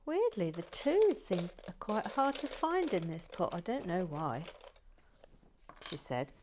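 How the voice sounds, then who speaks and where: A woman hosting a Lego building channel, chatting quietly to herself and her viewers as she builds. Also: mid-range voice, wildly swooping pitch, takes it slowly, background noise. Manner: soft-spoken, talks quietly to herself and viewers. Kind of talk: casual chat while building.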